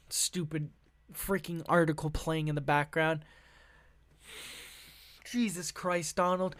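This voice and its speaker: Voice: mid-range voice, fairly bright tone, no echo. A podcast host reading news articles aloud and breaking off into profane, laughing, rambling asides.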